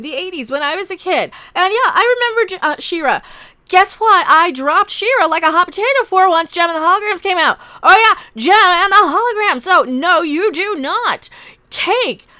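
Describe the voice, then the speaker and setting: High, bright-voiced woman ranting. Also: animated, moderate pace, no room sound. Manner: emphatic, repeats "no" forcefully. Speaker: commentary channel host. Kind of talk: ranting opinion vlog.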